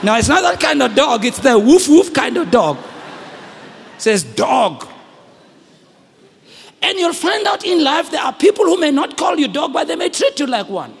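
A man with a South African accent preaching a sermon to a congregation, animated, shouting at the peaks and joking with the crowd. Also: very high-pitched, unhurried, vocal fry, long pauses, a little hiss or hum. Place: church hall with congregation. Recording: long echoing hall reverb.

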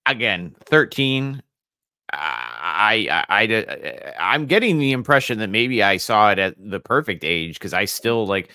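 Bright, dry-voiced man in halting chat. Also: lowish voice, sing-song, clear, resonant tone, no echo. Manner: halting, repeats words, swears casually. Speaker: podcast co-host. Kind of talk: casual chat.

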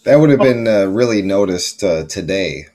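A man's voice: deep voice, lively intonation, moderate pace, darkish tone. A man co-hosting a casual podcast, chiming in with short wisecracks. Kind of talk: casual chat.

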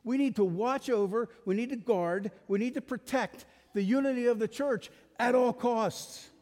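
High-voiced preacher in an echoing hall. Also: male voice, moderate pace, a little mellow. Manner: emphatic, rhetorical questions to the congregation. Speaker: pastor. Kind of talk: sermon.

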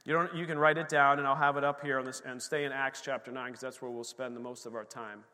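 A man's voice: medium pitch, steady tone, fast talker, pushed and bright. A man preaching a sermon in a church, emphatic and repetitive as he builds intensity. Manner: emphatic preaching, repeating phrases with rising intensity. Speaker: pastor. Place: church sanctuary. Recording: long hall reverb.

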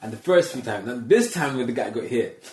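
A man's voice: medium pitch, lively intonation, brisk, darkish tone. A man, a stand-up comedian, telling a story in casual chat and acting out what people said. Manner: storytelling, acts out quotes. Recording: echoey room.

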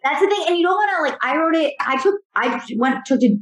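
A woman's voice: sits high, expressive, quick pace. A young woman and comedian chatting casually over a video call, telling rambling stories full of fillers. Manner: rambling storytelling with many fillers. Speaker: comedian guest.

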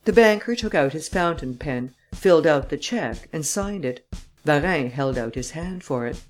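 A man narrating an audiobook in a steady, measured storytelling manner. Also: fairly high pitch, faint music behind. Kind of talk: scripted narration.

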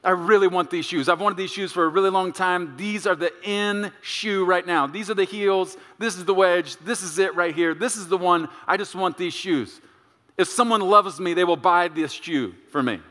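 A wheedling young wife, insistent and breathless for a new pair of shoes, as a preacher puts her on. The voice sits higher than his own and sounds bright and pushy. A long reverb hangs behind her. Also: normal speed. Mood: pleading. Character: pleading shoe-loving young wife.

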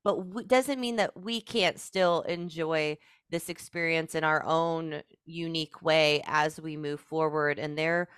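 Woman, podcast guest, heartfelt, chatty with fillers, smooth tone, low-ish pitch. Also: a bit bright, dry recording, studio quality. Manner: earnest and heartfelt, with many "like" fillers. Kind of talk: emotional personal storytelling.

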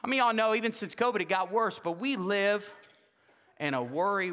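A man's voice: high-pitched, a little fast, in a large hall. A man preaching a humorous sermon as pastor, joking and acting out quoted dialogue. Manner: jokey, animated, acts out quoted dialogue. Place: church sanctuary.

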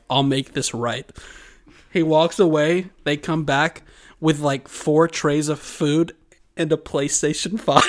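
A man, co-hosting a podcast, telling a long dream story in casual chat and laughing often as he goes. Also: fairly high pitch. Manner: rambling, laughs often while telling stories. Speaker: podcast co-host.

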